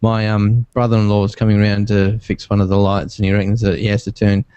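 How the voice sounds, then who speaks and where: A man's voice: fairly low pitch, little pitch movement, quick pace, dark tone, clear, resonant tone, no room sound, lo-fi sound. A matter-of-fact man with an Australian accent, chatting as a podcast co-host over a remote line. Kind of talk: casual podcast chat.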